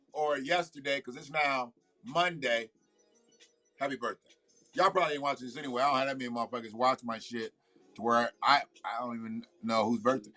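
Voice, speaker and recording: Bright, loose-talking man on a livestream. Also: medium pitch. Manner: loose, profane, talks back to viewers. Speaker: livestream host. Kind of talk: casual livestream chat.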